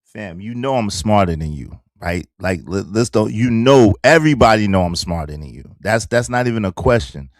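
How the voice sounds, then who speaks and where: Male stream host, gravelly, dry close mic, teasing chat banter. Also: fairly low pitch, animated, moderate pace, no room sound. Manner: teasing, repeats phrases, talks back to chat. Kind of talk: casual live-stream commentary.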